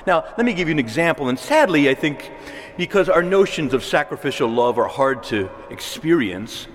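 A man's voice: fairly high pitch, big pitch swings, moderate pace, in a large hall. A man preaching a sermon, emphatic, repeating key words and asking the congregation for agreement.

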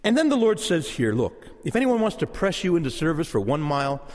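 A man preaches to his church with a fairly high voice that swoops up and down. He drops into playful quoted voices and chuckles as he talks. The sound carries a long, ringing reverb from the sanctuary. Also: very animated, brisk, a little mellow. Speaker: pastor. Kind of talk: sermon.

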